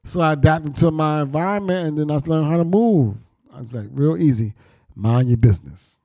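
A man's voice: on the high side, normal speed, dark tone, dry recording, studio quality. A middle-aged man telling his life story candidly, blunt and profane, with street slang and reflective turns. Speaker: storyteller recounting his past.

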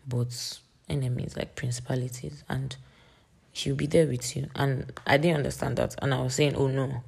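A young woman in her late teens talks through a faith podcast monologue. Her voice is dark and husky with a gravelly edge. She stays earnest and rambling, full of fillers. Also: extremely low pitch, fairly even intonation, moderate pace. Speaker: podcast host.

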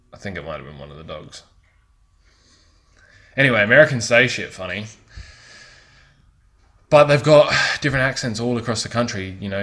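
A man in his twenties hosting a casual solo podcast, rambling and profane. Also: fairly low pitch. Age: 20s. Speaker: podcast host.

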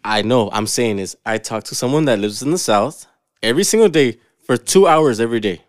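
A podcast co-host with a medium-pitched, expressive voice tells stories fairly quickly in a laid-back, slangy style, swearing often. It's casual chat captured in clean studio sound with no echo.

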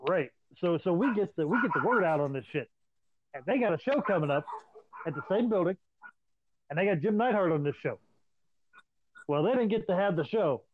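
A man casually swapping profane stories in an animated, storytelling way. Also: high voice, brisk, long pauses, background noise. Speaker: podcast host. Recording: dry, tinny phone-like line.

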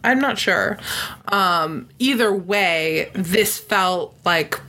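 A woman's voice: fairly low pitch, drawn-out words, pushed and bright. A woman co-hosting a casual movie-review chat, talking loosely with lots of "like" and laughing between thoughts. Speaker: podcast co-host.

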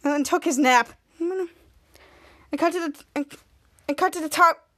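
A woman's voice: high-pitched, normal speed, a bit bright. A woman hosting a podcast, retelling a TV episode scene by scene and acting out the characters' lines in a raised voice. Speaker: podcast host. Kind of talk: recapping a TV episode.

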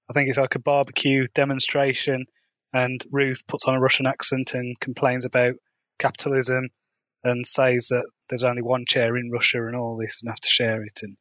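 Male co-host, casual recap chat, laughs often, mid pitch, dry close mic. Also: little pitch movement, moderate pace, a bit bright, dry recording. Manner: laughs often, paraphrases dialogue loosely. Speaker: podcast co-host.

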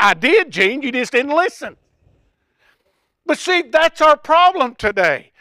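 An older man preaching a folksy, impassioned sermon that swells into shouts. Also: very high voice, very animated, measured pace, no room sound, studio quality.

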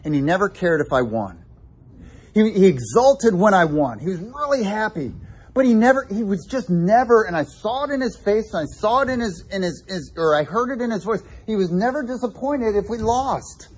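A man preaching a sermon, telling animated personal stories with many restarts. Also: high-pitched, normal speed, husky. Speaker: pastor.

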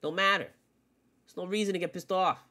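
A man hosting his own sports podcast alone, ranting with constant swearing, jumping from loud outbursts to low mutters. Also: steady tone, fairly quick. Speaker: podcast host. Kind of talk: solo sports rant.

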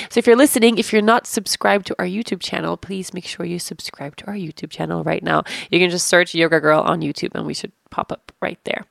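A woman's voice: on the low side, creaky, no room sound, studio quality. A woman hosting a podcast, chatting casually with her husband, laughing often and swearing casually. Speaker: podcast host. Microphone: studio podcast mic.

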